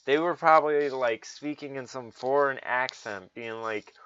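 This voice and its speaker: A man's voice: medium pitch, a little slow, few pauses, fairly bright tone, highs cut off, a little hiss or hum. A man giving ranting political commentary, sarcastic and profane, mocking others in put-on voices.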